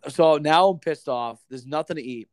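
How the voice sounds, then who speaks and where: A man's voice: fairly high pitch, moderate pace, dry recording. A man telling a long story in casual chat, swearing often and acting out the other people in it. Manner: profane, animated storyteller.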